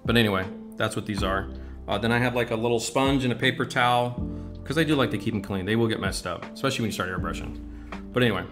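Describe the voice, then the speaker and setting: A man from the United States running a casual livestream painting demo, rambling and chatty, with casual swearing. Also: medium pitch. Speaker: scale-model painting instructor. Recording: music playing clearly behind the voice. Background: music.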